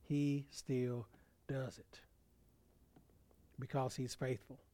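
A male pastor preaching a sermon, building to emphatic peaks and letting phrase endings fall soft and low. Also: flat delivery, takes it slowly.

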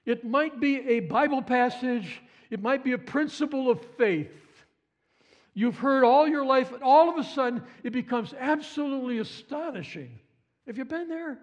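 A man preaching a sermon with passion, swinging from hushed repetition to excited exclamation. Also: very high-pitched, highs cut off. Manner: impassioned, swings from hushed to exclaiming, repeats phrases.

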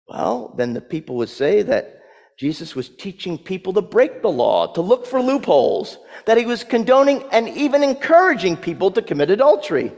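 A male preacher with a high, animated voice tells his story with vivid drama and sly humor. His words bounce up and down in pitch and hang in the long reverb of a large hall. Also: moderate pace, gravelly. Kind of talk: sermon.

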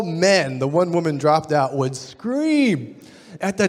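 A man telling a story in a sermon, animated and acting out a shouting class. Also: a little high, normal speed, long reverb tail.

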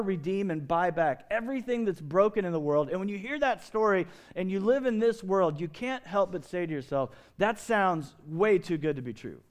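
Here the middle-aged preacher sounds smooth, his animated sermon stories marked by big shifts in how high and how loud he speaks.

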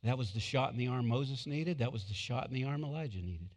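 A male pastor delivering a sermon, shifting from quiet, intimate passages to loud, excited bursts, on a wireless body mic. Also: medium pitch, fairly quick, long reverb tail.

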